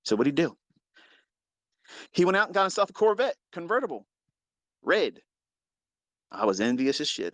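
A man telling a story in a blunt, profane, casual monologue as host of an online audio talk, jumping high in pitch to stress his points. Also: expressive, moderate pace, long pauses, a bit bright, no echo. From Maryland.

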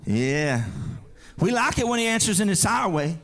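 A male pastor preaching a revival sermon in a church, rising into shouted, sing-song climaxes and firing questions at the congregation. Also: high voice, big pitch swings, normal speed. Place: church sanctuary during a live service.

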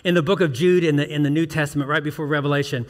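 A man's voice: a little high, steady tone, racing, in a large hall. A male pastor preaching an earnest sermon, asking the congregation questions and building to emphatic peaks. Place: church sanctuary.

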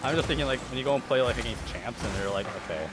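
A man chatting casually while playing a video game, excitable and sarcastic, laughing often. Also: mid-range voice, very fast, background noise. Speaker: gamer and co-host. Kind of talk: casual gaming chat.

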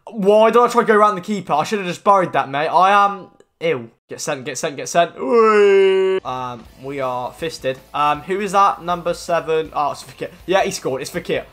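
A young man commenting on his own football video game match, muttering complaints and then shouting at big moments. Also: fairly high pitch, moderate pace. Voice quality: expressive, with slang and swearing. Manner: swings from mumbled grumbling to screaming at the game. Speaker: gaming commentator.

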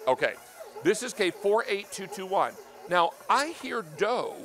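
A man's voice: sing-song, unhurried, crowd noise. Upbeat male TV shopping host. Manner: upbeat, chatty, emphatic sales pitch. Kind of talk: live TV shopping presentation. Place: TV studio kitchen.

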